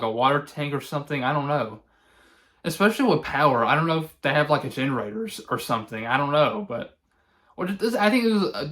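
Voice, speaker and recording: A man giving a casual spoken movie review, rambling and halting with many fillers and restarts, chuckling now and then as he recounts scenes. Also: mid-range voice, fairly bright tone. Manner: chuckles often while recounting.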